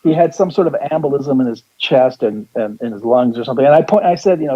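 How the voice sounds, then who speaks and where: Here a husky, fairly high male voice rushes along, with the highs cut off in the recording. He's a psychic guest on the radio, spinning a rambling tale, restarting sentences and voicing the people in it.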